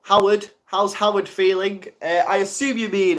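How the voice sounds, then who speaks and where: A man's voice: sits high, steady tone, moderate pace, fairly bright tone. Flustered young man on a live stream. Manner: flustered, rambling, self-mocking. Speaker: ASMR livestreamer. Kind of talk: casual live stream chat.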